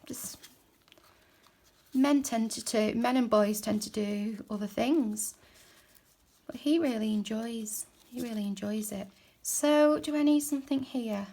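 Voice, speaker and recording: A woman talks easily at her craft desk at home, with a slightly high voice. She rambles as she works and drops into quiet mutters now and then. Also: normal speed. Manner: chatty, rambling, drops to soft mutters while working. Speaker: craft journaling creator. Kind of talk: casual crafting chat while working.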